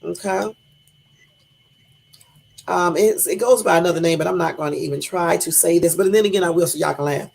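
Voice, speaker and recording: A woman's voice: on the low side, a little fast, gravelly, pauses often, darkish tone, slightly rough. A woman hosting a casual live stream, chatty, laughing at her own stumbles and talking to her viewers directly, with a Californian accent. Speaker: livestream host.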